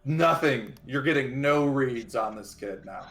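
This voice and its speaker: A man running a tabletop role-playing game as game master, narrating in a relaxed, playful way. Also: mid-range voice, measured pace, echoey room, faint music behind.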